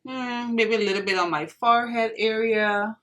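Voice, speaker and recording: Young woman, beauty vlogger, gushing and exclamatory, bright forceful tone, a little off-mic. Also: fairly high pitch, moderate pace, recorded from a distance. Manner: gushing, exclamatory, talks to viewers as friends. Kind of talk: casual makeup review vlog.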